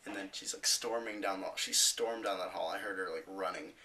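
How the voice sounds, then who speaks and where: A teenage boy vlogging, casually telling a story with rambling fillers and animated retellings. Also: deep voice, brisk, far from the mic, a little hiss or hum, rough recording.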